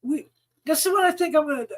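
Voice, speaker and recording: A male podcast host, in a profane, exasperated rant that rolls on and on. His voice sits unusually high for a man. He talks angrily and swears often. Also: fast, fairly bright tone, rough recording. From United States. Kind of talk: profane ranting monologue.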